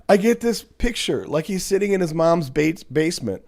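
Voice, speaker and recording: A man's voice: on the high side, very animated, quick pace, vocal fry, hardly any pauses, darkish tone. Blunt, profane man ranting on a livestream. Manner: blunt, profane, sarcastic, laughs at commenters. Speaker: livestream host reading viewer comments. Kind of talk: casual livestream rant.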